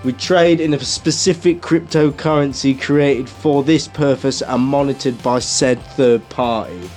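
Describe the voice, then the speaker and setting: A man's voice: medium pitch, steady tone, unhurried, darkish tone, soft background music. A man co-hosting a comedy podcast, reading out a plan and then bantering and swearing with his friends. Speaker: podcast co-host. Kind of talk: casual comedic chat.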